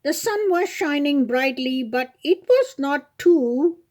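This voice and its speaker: A woman's voice: high voice, lively intonation, slow, darkish tone. A woman reading a fairy tale aloud as a storyteller, with small slips and self-corrections along the way.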